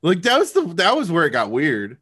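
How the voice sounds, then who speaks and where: A man on a podcast with a lively, swooping delivery, riffing on a TV episode. He jumps into quick impressions of the characters and keeps the tone jokey. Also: on the high side, breathy edge. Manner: animated, jokey, acts out lines from the show. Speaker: podcast co-host. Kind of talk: casual chat recapping a TV episode.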